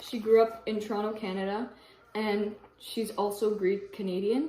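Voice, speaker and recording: A woman's voice: medium pitch, level tone, a little fast, warm tone, slight background noise. Giggly teenage girl, roomy sound. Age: teens. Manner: stop-start, breaking into giggles. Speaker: teen filming a prank on her parents. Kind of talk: mock audition speech.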